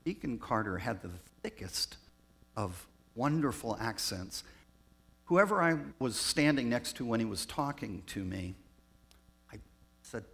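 A man, a pastor raised in Southern California, telling personal stories in a reflective sermon with pauses. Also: mid-range voice, very animated, a bit bright, husky. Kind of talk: storytelling sermon.

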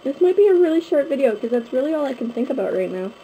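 Speaking fast and very animated, a young Canadian woman vlogs casually to a handheld camera held close, indoors at home. Her high, narrow voice comes through tinny audio with a little hiss or hum, and she rambles with plenty of fillers.

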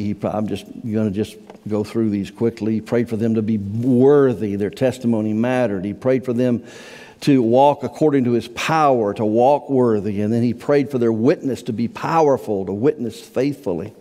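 A man's voice: on the low side, moderate pace. Impassioned preacher man in a reverberant hall. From Iowa. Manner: impassioned preaching, swelling to near-shouts on quoted words. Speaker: pastor. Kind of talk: sermon. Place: church sanctuary.

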